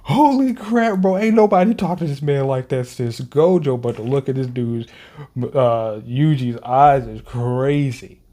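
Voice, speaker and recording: A man hosting a casual manga reaction, talking in an animated, slangy way and laughing often. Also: mid-range voice, a little slow.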